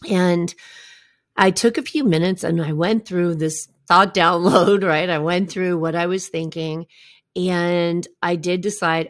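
A woman's voice: on the low side, fairly even intonation, moderate pace, no room sound, studio quality. A middle-aged woman hosting a podcast, telling a personal story in a candid, conversational way and often checking in with "right?". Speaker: podcast host.

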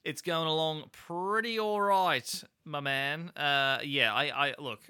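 A man co-hosting a casual podcast, chatty and quick to exclaim. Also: fairly high pitch, clear, resonant tone. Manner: excitable, chatty, prone to exclamations. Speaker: podcast co-host.

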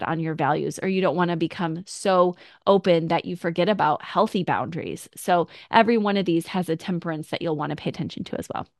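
A woman's voice: lowish voice, no room sound, studio quality. A woman hosting a podcast, talking through personality traits in a reflective, conversational way and acting out quoted thoughts. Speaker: podcast host. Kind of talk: casual teaching talk.

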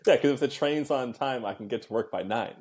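Husky-voiced guy tossing out dry jokes on a chatty podcast. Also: mid-range voice, brisk, a little mellow. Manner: dry one-liner quips. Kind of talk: casual comedic chat.

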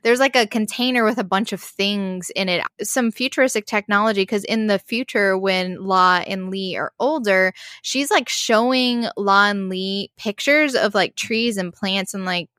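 A woman's voice: mid-range voice, moderate pace, hardly any pauses, a bit bright, dry recording. A woman in casual chat, emotionally recapping a show with lots of "like" and restarts. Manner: emotional, gushing, many "like"s and restarts.

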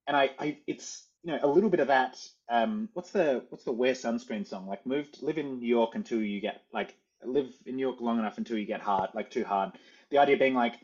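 A man's voice: medium pitch, a little fast, a little mellow, breathy edge, highs cut off. A man with an Australian accent, talking as a guest in a casual interview, chatty and often restarting his sentences with "like". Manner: chatty, self-correcting, frequent "like" fillers.

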